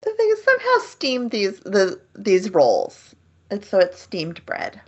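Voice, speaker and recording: A woman's voice: mid-range voice, wildly swooping pitch, slow, slightly rough, lo-fi sound. A woman co-hosting a podcast, recapping an anime episode in casual chat, laughing often and acting out characters' lines. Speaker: podcast co-host.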